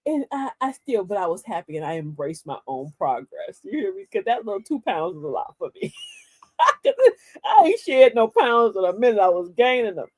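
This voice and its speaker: Older woman, livestream host, husky tone with a lively, swooping pitch, laughs a lot. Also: no echo. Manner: animated storyteller, laughs often; slow, emphatic reading of affirmations. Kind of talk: casual motivational livestream talk.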